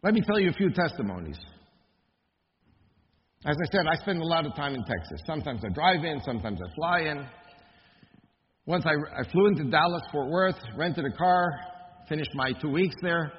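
A man's voice: on the high side, very animated, normal speed, long pauses, lo-fi sound, a little hiss or hum. Man lecturing in an echoing hall. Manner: emphatic, with rhetorical questions to the audience. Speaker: speaker. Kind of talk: impassioned lecture.

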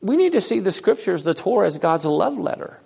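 Gravelly high-voiced man preaching in a hall. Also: very animated, brisk, warm tone. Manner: asks the audience questions and reads scripture aloud. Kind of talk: sermon. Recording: long reverb in a hall.

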